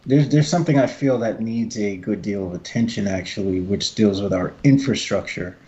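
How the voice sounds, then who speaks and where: A man chatting as a guest on a livestream, halting and searching for words. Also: fairly low pitch, dark tone, a little hiss or hum. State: tired, up since morning. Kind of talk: casual livestream chat. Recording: dull lo-fi call audio.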